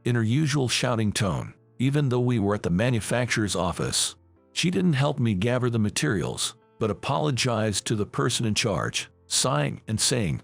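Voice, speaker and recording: A man tells a first-person story in a scripted, measured way. His voice has a gravelly texture and a mid-range pitch that moves expressively up and down. Soft music plays faintly underneath. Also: lively intonation, no room sound. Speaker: narrator.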